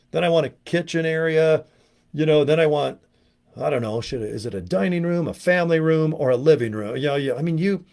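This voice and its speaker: A man giving a rambling, brash and profane motivational sales pitch, breaking into mocking voices as he goes. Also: darkish tone. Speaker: network marketing promoter.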